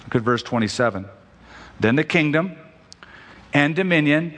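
A male pastor delivering a sermon in a big church sanctuary, his voice carrying a long reverb. His pitch sits a little above most men's, and he draws out the scripture he quotes, slow and weighty. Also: lively intonation, fairly bright tone. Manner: preaching, slows and stretches scripture quotes for emphasis.

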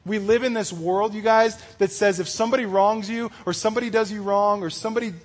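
A man giving a casual youth sermon, chatty and full of "like" and "you know", acting out the story's speakers in quick asides. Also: high voice, steady tone. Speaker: youth pastor.

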